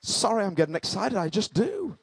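A man preaching in church, telling a personal story and building to fervent, shouted exclamations. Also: sits high, animated, normal speed, no echo.

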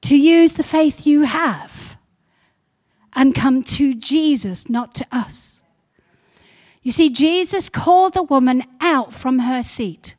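A woman pastor giving a sermon, building to loud repeated emphasis. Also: high voice.

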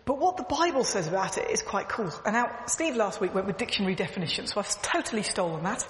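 Expressive and quick, a church speaker with a medium-pitched voice preaches earnestly and emphatically, circling back to phrases as she tells stories. An echoing clip-on mic picks her up in a reverberant hall with faint background noise.

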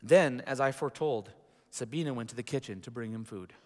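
Pastor preaching in a reverberant hall. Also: male voice, mid-range voice, fairly quick. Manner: reads aloud with asides to the congregation. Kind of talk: sermon, reading a story aloud. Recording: long reverb of a large hall.

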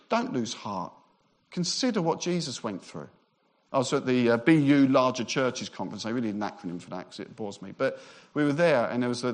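A man preaching a Christmas sermon as pastor, emphatic and repetitive, with relaxed humorous asides. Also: medium pitch. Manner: emphatic, repeats phrases for effect; conversational asides with light humour.

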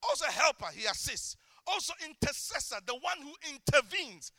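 A middle-aged male preacher delivering an impassioned sermon, swinging between shouted declarations and quiet, intimate asides. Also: extremely high pitch, big pitch swings, moderate pace, no room sound.

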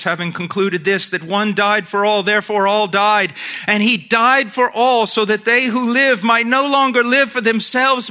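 A middle-aged man preaching a sermon, moving between hushed, intense passages and shouted emphasis. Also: sits high.

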